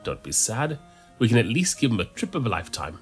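A man as a calm, assured time-travelling doctor. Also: medium pitch, quick pace, faint music behind, lightly acted.

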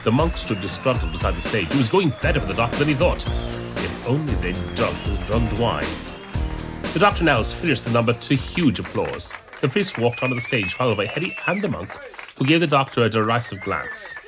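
A man narrating a story in an expressive reading voice. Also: medium pitch, fairly quick. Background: background music.

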